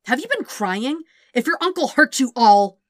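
A woman's voice: medium pitch, lively intonation, moderate pace, fairly bright tone, dry recording, clean studio sound. A woman voicing a sarcastic, protective teenage boy warrior who sounds emotional and sometimes grumbling. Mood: worried.

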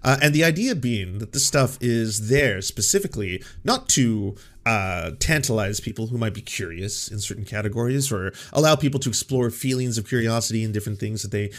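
A man's voice: lowish voice, expressive, brisk, hardly any pauses. A man hosting a show, talking in casual, sarcastic and profane commentary and acting out quotes in mocking voices. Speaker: show host.

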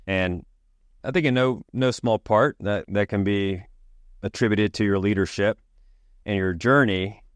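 A man's voice: fairly low pitch, unhurried, clear, resonant tone, no room sound. A man hosting a medical podcast, introducing the show and his guest in an upbeat, welcoming way. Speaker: podcast host. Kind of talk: podcast host introduction and interview.

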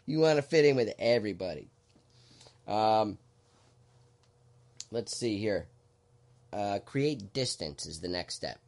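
A man hosting a podcast, explaining things in a relaxed, halting way with lots of fillers. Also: fairly low pitch, vocal fry. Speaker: podcast host. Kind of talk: casual podcast chat.

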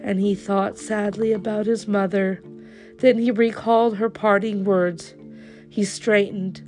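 Slow, expressive woman reading a storybook. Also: mid-range voice, soft background music. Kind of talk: storybook read-aloud.

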